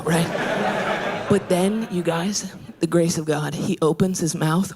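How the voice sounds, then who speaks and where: A woman's voice: lowish voice, takes it slowly. Brash American woman doing stand-up. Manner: brash, profane, animated act-outs. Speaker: stand-up comedian. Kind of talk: stand-up storytelling. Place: comedy stage with live audience. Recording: live show with crowd laughter.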